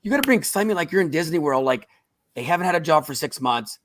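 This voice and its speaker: A man hosting a recruiting talk show in casual chat, talking with emphatic, excitable energy over a video call. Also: on the high side, quick pace, a little hiss or hum.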